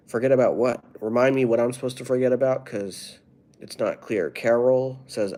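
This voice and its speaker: A male comedian chatting casually with viewers on a live stream, playful and riffing in quick rhymes. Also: mid-range voice, fairly even intonation, warm tone.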